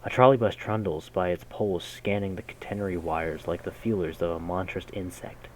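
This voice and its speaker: A man reading a game's story text aloud in a measured way, breaking in with casual, slangy jokes as a gaming host. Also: low-pitched, a little mellow, a little hiss or hum, rough recording. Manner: measured narration broken by casual slangy comments. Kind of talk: reading game text aloud with jokey asides.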